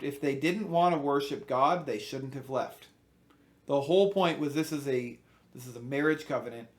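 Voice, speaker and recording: A man giving an informal Bible teaching, earnest and emphatic, often restarting his sentences. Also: mid-range voice.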